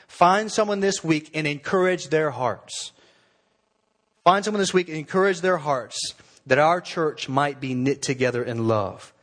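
A pastor preaching a sermon to his church in an earnest, exhorting way, slowing down to stress key phrases. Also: a little high, a bit bright.

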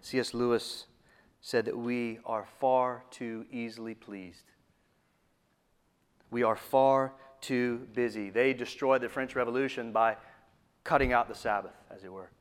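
A man preaching a sermon, repeating phrases for emphasis and often dropping to a low, hushed voice. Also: steady tone, unhurried, pauses often.

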